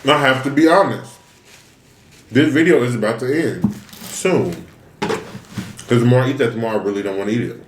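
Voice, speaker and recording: A man's voice: medium pitch, moderate pace, pauses often, reverberant, background noise. A man chatting casually to viewers while eating, venting and asking rhetorical questions. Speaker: mukbang vlogger. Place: room, eating on camera.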